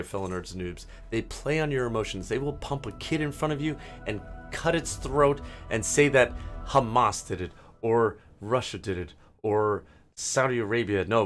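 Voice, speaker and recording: A lowish-voiced man with a hoarse throat rants casually and profanely as he drifts from topic to topic. He is a gaming host talking over his own match, loose and unscripted. Faint music sits under his voice. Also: expressive, moderate pace, hardly any pauses. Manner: profane, ranting, digressive. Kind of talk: casual rambling commentary while gaming.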